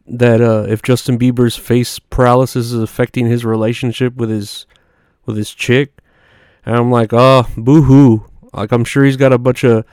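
A man's voice: mid-range voice, darkish tone, clear, resonant tone, no echo, clean studio sound. Crude rambling male comic host. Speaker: podcast host. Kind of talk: comedic monologue.

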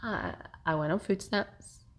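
Brief: woman, 30s, lower pitch, animated candid podcast guest who laughs a lot. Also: unhurried. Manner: animated, laughs often, repeats herself. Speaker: therapist guest. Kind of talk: casual podcast interview.

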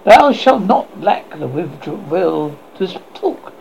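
A man's voice: sits high, sing-song, takes it slowly, vocal fry, a little mellow, slight background noise, heavily acted. A man voicing a grim, scheming old witch, speaking in stern, archaic, theatrical tones. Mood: doting. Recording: muffled lo-fi recording.

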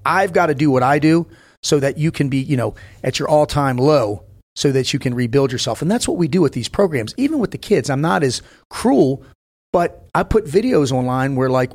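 A man in his fifties, a former Navy SEAL guest, telling blunt, profane stories in casual podcast chat. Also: mid-range voice. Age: 50s. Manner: blunt, profane, storytelling with emphatic bursts.

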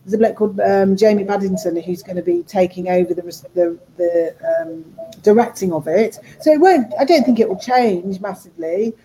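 A woman's voice: mid-range voice, moderate pace, dark tone, slight background noise, rough recording. A woman talking casually about her work in animation and voice acting, rambling with restarts. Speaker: animator and voice actor. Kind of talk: casual interview talk.

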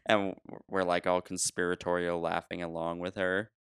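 A man spins a long anecdote in relaxed chat, laughing as he goes and circling back with restarts. His voice sits low and smooth. The sound is close and dry, with no room around it. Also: normal speed, no room sound. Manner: animated, laughs often, trailing restarts. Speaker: podcast co-host telling a story. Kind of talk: casual storytelling chat.

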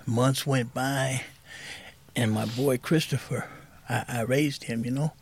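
Gravelly, husky-voiced man in his 50s, soft-spoken guest sharing a raw personal story. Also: medium pitch, steady tone, slow pace. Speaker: podcast guest in recovery.

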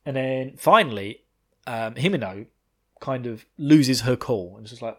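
A man's voice: medium pitch, normal speed, fairly bright tone, slightly rough. A man hosting a podcast, casually recapping an anime episode, rambling, laughing often and swearing freely. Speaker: podcast host.

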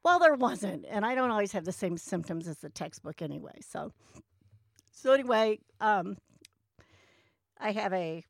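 Woman chatting through a story, a bit of fry in her voice, dry no-room sound, does little voices for people. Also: mid-range voice, normal speed, long pauses, no echo. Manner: animated, acts out quoted dialogue. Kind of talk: casual storytelling.

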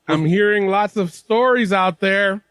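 A man hosting a wrestling podcast, talking loudly and excitably and swearing freely in casual chat. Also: high voice, unhurried, dry recording. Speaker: podcast host.

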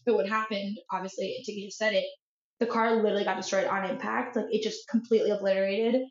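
A young woman co-hosting a casual chat, excitable and full of "like" fillers. Her voice sits in a middle register, and it comes through slightly dull and lo-fi. The room around her is noticeably echoey. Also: medium pitch, fast. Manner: chatty, many "like" fillers, excitable. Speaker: podcast co-host.

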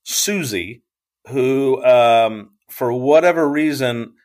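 A man's voice: medium pitch, slow, darkish tone. Rambling, hesitant man podcast co-host. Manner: rambling, hesitant, full of ums. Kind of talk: casual chat recap.

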